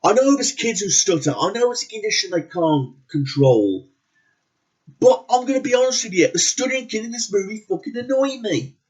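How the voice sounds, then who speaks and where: A man's voice: high voice, animated, fairly quick, darkish tone, breathy edge, low-quality recording. A man ranting angrily about a movie as a reviewer, swearing constantly and repeating words for emphasis. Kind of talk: angry profane movie rant.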